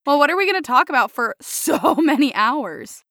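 A woman's voice: sits high, big pitch swings, moderate pace, bright, forceful tone, no room sound, studio quality. A woman co-hosting a casual podcast, bubbly and jokey, laughing a lot. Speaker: podcast co-host.

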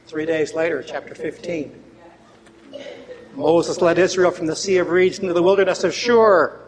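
Brief: male preacher, sermon delivery, high voice, loud readings dropping to hushed asides, long hall reverb. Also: steady tone, normal speed. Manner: swings between loud emphatic reading and quiet asides.

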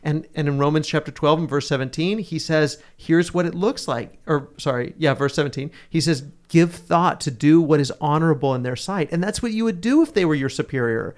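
Man, Bible study co-host, earnest explaining, slightly higher voice. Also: a little fast, few pauses. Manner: earnest, explains with scripture and everyday examples. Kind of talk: conversational Bible teaching.

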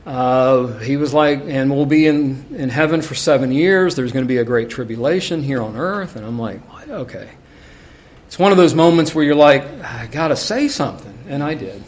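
A man's voice: mid-range voice, brisk, hardly any pauses. A middle-aged man preaching a sermon in a conversational way, telling personal stories with frequent asides.

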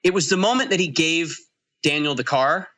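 A man's voice: fairly high pitch, normal speed, pushed and bright. An American man co-hosting a podcast, talking reflectively in casual chat and laughing readily. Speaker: podcast co-host.

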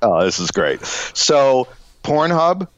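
A middle-aged man co-hosting a casual comedy podcast, rambling and halting with lots of fillers and chuckles. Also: mid-range voice, very animated, dry recording. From Illinois. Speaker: podcast co-host. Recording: dull, dry lo-fi podcast audio.

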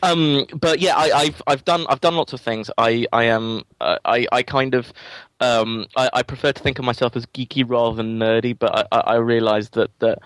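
A man's voice: medium pitch, fairly even intonation, normal speed, dry recording. A man from England with an English accent drifting toward American, a guest chatting casually and stumbling over his words in self-deprecating asides. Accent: English, softened toward American. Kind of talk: casual interview chat.

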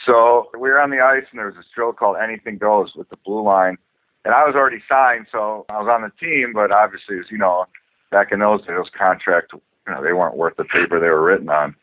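A man, a former hockey player, telling a profane, lively story as a guest. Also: on the low side, brisk. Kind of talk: storytelling anecdote. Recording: phone-like narrow band.

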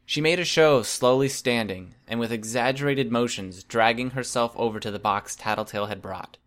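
A man narrating a first-person story in a steady, even reading voice. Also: medium pitch, a little fast. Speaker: audiobook reader.

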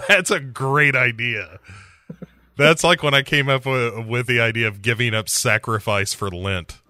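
A man hosting a podcast, casually retelling a horror movie's plot with jokes and quick put-on voices. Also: medium pitch, no echo. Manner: jokey, animated plot retelling with quoted voices. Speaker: podcast host.

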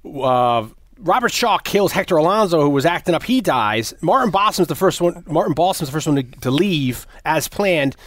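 A man's voice: on the high side, expressive, normal speed, no echo. A man in casual conversation, retelling a film scene by scene, acting out the characters' lines, swearing freely and often restarting his sentences. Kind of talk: casual movie discussion.

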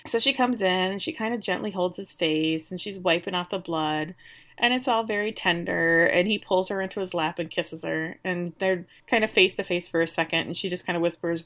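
A woman recapping a TV episode in casual podcast chat. She tells it as lively storytelling, playing out each character's lines and laughing along the way. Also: lowish voice, moderate pace. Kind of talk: casual chat, retelling scenes.

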